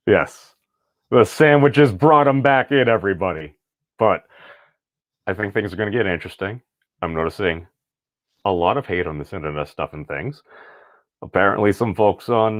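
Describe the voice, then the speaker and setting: A man in middle age, hosting his own commentary video. His voice sits low and dry, right up against the mic with no room sound. He rambles from point to point with a wry, offhand tone. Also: no room sound. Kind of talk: casual online commentary.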